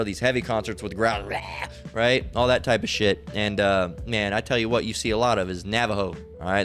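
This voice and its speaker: A man's voice: fairly low pitch, a bit bright. A man talking in loose, rambling commentary who keeps checking in with "all right?" between thoughts. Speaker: religious commentator. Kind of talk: casual spoken commentary.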